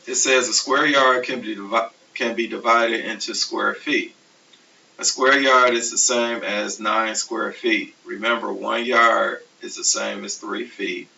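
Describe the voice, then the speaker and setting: A man teaching a recorded math lecture, explaining steps slowly and methodically. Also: fairly low pitch, vocal fry. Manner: steady, methodical explaining, self-correcting. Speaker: math instructor. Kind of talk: recorded lecture over slides. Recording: distant, dull, hissy classroom recording.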